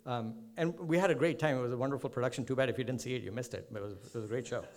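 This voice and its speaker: A man's voice: mid-range voice, rapid-fire. A man hosting a live storytelling event on a theater stage, telling an anecdote in a loose, rambling way with many fillers and restarts. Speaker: event host. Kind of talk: casual storytelling to a live audience.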